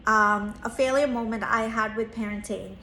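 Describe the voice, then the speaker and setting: A woman's voice: on the high side, steady tone, normal speed, creaky, pushed and bright, reverberant, slight background noise. A woman in her thirties, a therapist and parenting coach, telling a personal story in an earnest, reflective way, lifting her voice when she acts out quoted lines.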